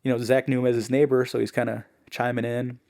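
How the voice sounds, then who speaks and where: A man guest on a podcast, telling a personal story in a casual, animated way, full of "like" and "man". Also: medium pitch, fast talker. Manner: animated, acts out the people he quotes; fillers like "man" and "like".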